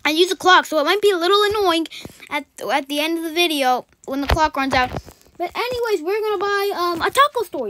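A woman giving rapid, rambling, excitable commentary while playing a video game. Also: very high voice, background noise. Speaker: gaming channel host. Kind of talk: gameplay commentary.

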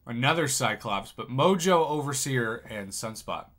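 A man commentating on someone else's game crystal openings, excitable and jokey, with sudden loud bursts of surprise. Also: mid-range voice, normal speed. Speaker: gaming commentator.

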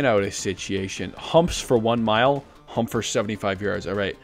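A man giving playful, joking gameplay commentary, excitable and often jumping up into a high voice when baffled. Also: normal speed, faint music behind. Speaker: gaming YouTuber.

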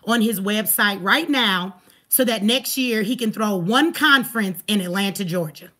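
A woman hosting a livestream, ranting angrily and profanely at her chat with rapid rhetorical questions. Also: medium pitch, fairly bright tone. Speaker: livestream host. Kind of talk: heated livestream rant.

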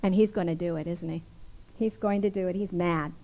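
A woman's voice: fairly low pitch, steady tone, brisk, dark tone, rough recording. A woman preacher giving a sermon, reading scripture aloud and then commenting on it in a chatty way, often ending with tag questions.

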